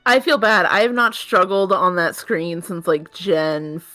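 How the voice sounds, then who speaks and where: A woman's voice: fairly low pitch, a little slow, bright, forceful tone, dry recording, faint music behind. A young woman co-hosting a game stream, teasing her friend and reading out chat. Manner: chatty, teasing, laughing. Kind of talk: casual gaming commentary.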